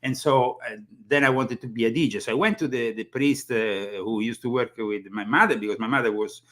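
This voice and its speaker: A man being interviewed on a live online show. He has a middle-pitched, ordinary voice and tells his story haltingly, stopping often to restart his sentences. He is heard over a video call. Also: a bit bright. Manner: halting, many fillers and restarts. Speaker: guest. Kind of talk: casual interview chat.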